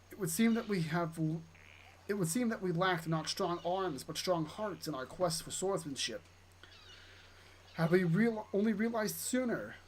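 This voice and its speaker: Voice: mid-range voice, darkish tone, close to an everyday voice, poor audio. Solemn old swordsman, as a player reads him, formal, grave, faint hiss.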